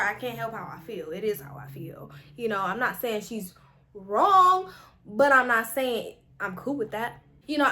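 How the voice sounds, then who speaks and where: High-voiced young woman telling a story. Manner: animated, exasperated, slangy storytelling. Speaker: vlogger. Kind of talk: casual storytime.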